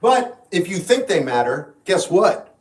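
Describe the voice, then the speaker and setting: A man hosting a livestream, answering chat questions in a relaxed, frank, musing way. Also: high-pitched, measured pace. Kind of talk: casual live chat. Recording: echoey room, mic at a distance. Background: guitar music in the background.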